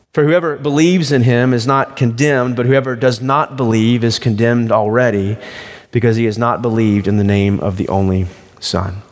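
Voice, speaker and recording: A man preaches in a loose, conversational way, slipping stories into his sermon. His voice sits in a middle pitch. Long reverb hangs behind him, as in a church sanctuary. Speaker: pastor.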